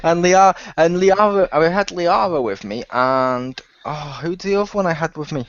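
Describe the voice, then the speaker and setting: A man hosting a gaming podcast in casual chat, telling a long story in a rambling, animated way with frequent laughs. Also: fairly high pitch, normal speed, dry recording, soft background music. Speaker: podcast host. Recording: muffled lo-fi dry recording.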